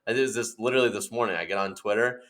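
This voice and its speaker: Young male co-host, low pitch, bright lively delivery, jokey storyteller. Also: rapid-fire. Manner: animated, acts out scenes in put-on voices. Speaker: podcast co-host. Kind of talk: casual comedic chat.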